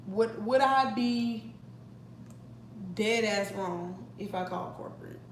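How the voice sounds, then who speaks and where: A woman's voice: on the high side, measured pace, slight background noise. Blunt, profane young woman venting. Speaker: vlogger. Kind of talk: casual storytime vlog. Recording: echoey room with faint ambience.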